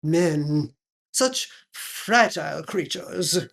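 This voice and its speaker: A pompous, affected aristocratic hostess, played by a woman, drawling slowly and dropping French phrases. Her pitch swoops up and down grandly as she holds court. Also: lively intonation, vocal fry, heavily acted. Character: pompous aristocratic lady chat show hostess. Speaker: host.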